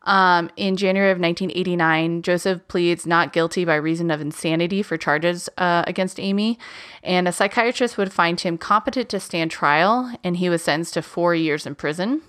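Lower-voiced woman telling a crime story. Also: normal speed, a bit bright. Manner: chatty, many fillers like "um" and "like". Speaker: podcast host. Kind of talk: casual true crime storytelling.

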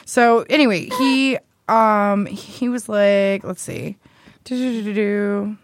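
Young woman podcaster, chatty and animated, pitch all over the place, dry mic. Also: slow, dry recording. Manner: animated storytelling, quoting texts, laughing often. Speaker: podcast co-host. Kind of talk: casual chat.

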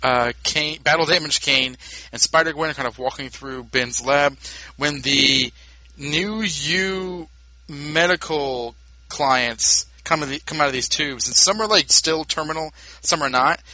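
A man casually recapping a comic book on a podcast in a quick, dismissive way. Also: fairly high pitch, bright, forceful tone, dry recording, dull audio. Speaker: podcast co-host.

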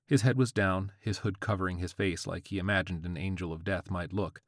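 A very low-voiced man reading a short story aloud with wry, deadpan timing. The recording is close and completely dry, with no room around him. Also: a little fast, dry recording. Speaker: narrator. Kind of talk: scripted audiobook narration.

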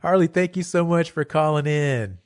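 A man's voice: fairly high pitch, moderate pace, no room sound. Dry-sounding male talk show host. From Laguna Pueblo, New Mexico. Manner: friendly, laughs along with guests. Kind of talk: hosting a call-in show.

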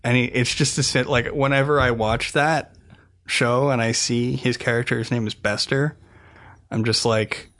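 A man's voice: mid-range voice, steady tone, normal speed, a bit bright. A man hosting a podcast in casual chat, eagerly sharing trivia and often restarting his sentences. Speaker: podcast host.

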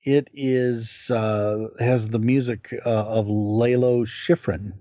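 Man, podcast co-host, casual film chat, rambling, lots of fillers, mid pitch, dull dry sound. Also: fairly even intonation, takes it slowly, mellow, dry recording. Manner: rambling, with many filler words and restarts. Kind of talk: casual chat about films.

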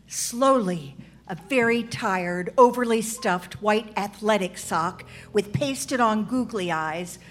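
A woman's voice: mid-range voice, slow, slight background noise. Woman narrating overwrought mock romance. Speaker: comedy performer.

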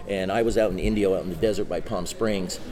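A middle-aged man, a former deputy and dog handler, telling animated, profane stories as a guest in a casual interview. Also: sits low, quick pace, crowd noise.

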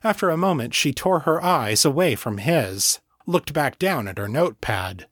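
Expressive male audiobook narrator. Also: fairly high pitch, moderate pace, no echo, clean studio sound. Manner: expressive storytelling. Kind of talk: scripted narration.

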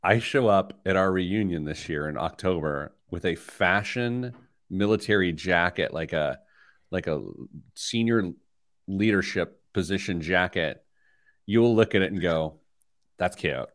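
Middle-aged guy hosting a radio money show, low voice, animated storyteller. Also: measured pace. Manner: animated storyteller, rising loud when excited. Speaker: radio show host, financial planner. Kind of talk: casual studio banter.

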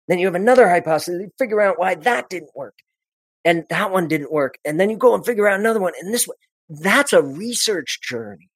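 A man with a slightly high voice talks through presenting in an animated, expressive way, often restarting his sentences mid-thought. His voice is recorded dry and close, with no room sound around it. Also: quick pace, dry recording. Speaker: presentation coach guest. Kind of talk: conversational podcast interview.

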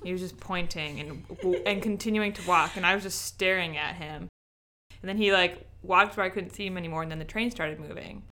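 A woman's voice: on the low side, a little fast, bright, forceful tone, a little hiss or hum. A young woman in casual chat, rambling with lots of "like" as she tells an anecdote. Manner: casual, heavy use of "like", rambling.

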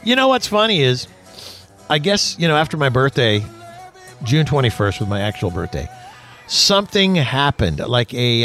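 A man hosting a talk show, telling stories in a casual, animated way, laughing often and acting out voices. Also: mid-range voice, moderate pace, soft background music. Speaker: radio show host. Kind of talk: casual chat.

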